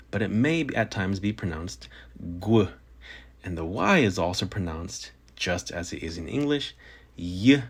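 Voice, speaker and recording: A man narrating a scripted pronunciation lesson, speaking carefully and repeating each sound to demonstrate it. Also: low-pitched. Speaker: language instructor.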